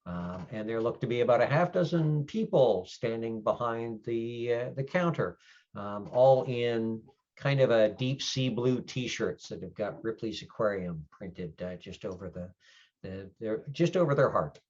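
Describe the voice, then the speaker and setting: A man narrating a tabletop game as storyteller, relaxed and descriptive, with many fillers. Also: mid-range voice, measured pace. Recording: dull lo-fi stream audio.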